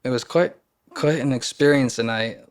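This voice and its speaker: A man as a podcast guest, telling a personal story in a casual, earnest way, halting often and restarting his sentences. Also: medium pitch, smooth.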